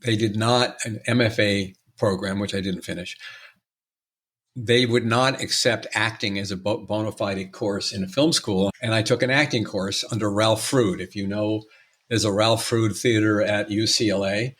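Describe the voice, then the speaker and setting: A man's voice: on the low side, steady tone, a bit bright, husky. Theatrical older man telling stories. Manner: theatrical storyteller, quick to mimic and joke. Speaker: entertainment lawyer and guest. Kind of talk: conversational podcast interview.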